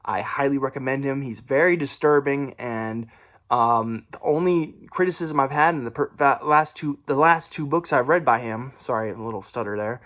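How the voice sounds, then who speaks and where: A man with a mid-range, slightly bright voice casually reviews a horror book in a room at home. He rambles, corrects himself, laughs often, and is briefly out of breath.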